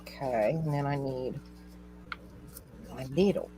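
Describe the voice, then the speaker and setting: A woman's voice: extremely low pitch, takes it slowly, over loud music, poor audio. A woman hosting a casual craft stream, chatty and encouraging as she talks through each step. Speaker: host. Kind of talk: casual chat during a craft demo.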